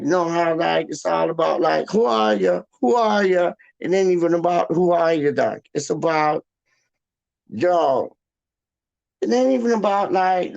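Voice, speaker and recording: On a rough recording, a man with a fairly high, gravelly, slightly mellow voice chats loosely at home late at night after showering. This vlogger calls the viewer "dog," keeps repeating "how you mean," and sings football chants as he rambles.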